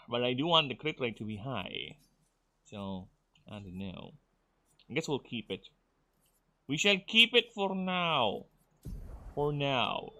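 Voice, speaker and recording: A man's voice: medium pitch, pushed and bright. A man from the Philippines, streaming a game, teasing his viewers and muttering through his choices. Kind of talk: casual game stream chat.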